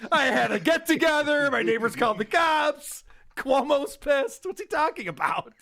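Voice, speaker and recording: A man's voice: very high voice, lively intonation, normal speed, vocal fry, a bit bright. A man hosting a casual comedy podcast, talking in a mocking, sarcastic way and laughing often. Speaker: podcast host.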